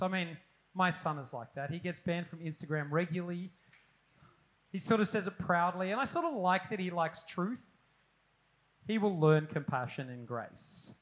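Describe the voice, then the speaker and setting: A middle-aged man preaching a sermon, animated and self-deprecating with humorous asides. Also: high voice, poor audio. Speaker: pastor.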